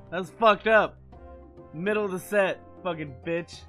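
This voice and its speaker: A man's voice: high-pitched, measured pace, faint music behind. A man chatting casually with his stream chat, cursing freely and laughing often. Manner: animated, profane, laughs often. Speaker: gaming streamer.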